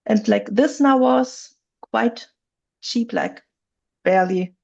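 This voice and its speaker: Woman, workshop instructor, raspy fry, a bit high, lo-fi video-call sound. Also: slow pace, darkish tone. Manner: chatty, laughs easily, thinks aloud. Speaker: writing software instructor. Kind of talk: live online workshop teaching. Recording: dull lo-fi video call audio.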